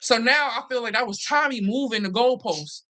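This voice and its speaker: Woman host chatting casual, lively and a lil profane, bright sharp voice, pitched a bit high. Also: a little fast. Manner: animated, profane, acts out quotes. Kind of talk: casual reality TV recap chat.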